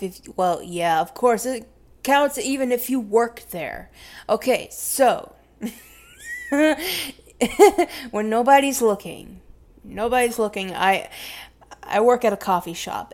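A woman's voice: medium pitch, darkish tone. A young woman with a Southern US accent, chatting casually as she answers question prompts, rambling, correcting herself and laughing, sometimes dropping to a whisper. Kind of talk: casual chat.

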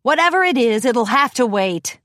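A woman's voice: sits high, animated, normal speed, fairly bright tone, no echo. A woman voicing a boastful unicorn mare magician who talks in a grand, theatrical, slightly huffy way.

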